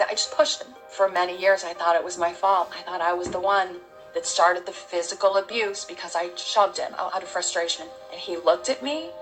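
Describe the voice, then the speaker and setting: A middle-aged woman, an interview guest, gives a halting, heartfelt personal testimony full of restarts. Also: on the low side, poor audio.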